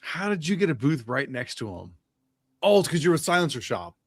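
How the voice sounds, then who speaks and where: Gravelly-voiced co-host, dry close sound. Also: male voice, on the high side, very animated, a little fast, no echo. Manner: reactive, interjects and laughs. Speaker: podcast co-host. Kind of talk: casual chat.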